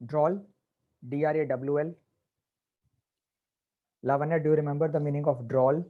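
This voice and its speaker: A man explaining a story to a class as their teacher, patiently and with pauses. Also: fairly high pitch, steady tone, phone-quality sound. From India.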